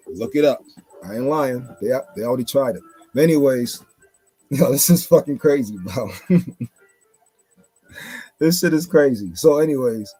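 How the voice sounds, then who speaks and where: Male host, mid-pitched husky voice, emphatic profane rant, soft music bed. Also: no room sound. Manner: emphatic and blunt, swears, repeats for stress. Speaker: commentary show host. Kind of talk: casual monologue.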